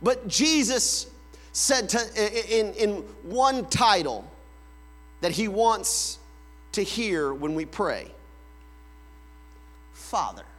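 A man's voice: high-pitched, expressive, slow, fairly bright tone. A man, a pastor, delivering a sermon, telling family stories and playfully acting out his children calling for their parents. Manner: storytelling, acts out kids calling with playful voices. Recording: long hall reverb with mains hum.

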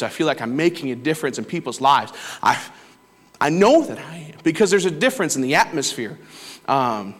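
A man's voice: medium pitch, fairly bright tone. Earnest man preaching in a reverberant church. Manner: earnest, conversational, with quoted voices and laughter. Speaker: lay preacher. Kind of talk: sermon with personal stories. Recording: long hall reverb.

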